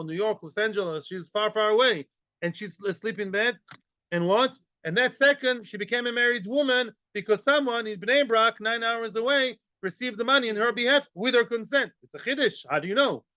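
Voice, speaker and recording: A man's voice: high-pitched, sharp tone, no echo, muffled recording. A man teaching a Talmud class, joking and quizzing his students with questions as he goes.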